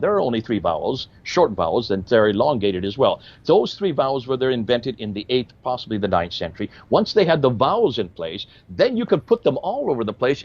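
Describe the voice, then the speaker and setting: A man's voice: medium pitch, no room sound, lo-fi sound. A man explaining at length in a discussion, emphatic and fond of rhetorical questions. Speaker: Christian apologist explaining history. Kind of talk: lecturing discussion.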